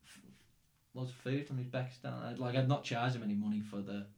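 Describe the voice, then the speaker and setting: A man's voice: medium pitch, steady tone, fast, darkish tone, reverberant. A young Northern English man chatting casually as podcast host, rambling and swearing freely. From England. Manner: rambling, swears, laughs often. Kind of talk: casual chat.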